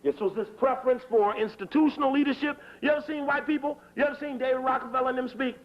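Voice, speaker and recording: High-voiced man lecturing in a hurry. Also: fairly even intonation. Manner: hurried, emphatic, profane, repeats phrases. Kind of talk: fiery political lecture. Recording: dull lo-fi tape recording.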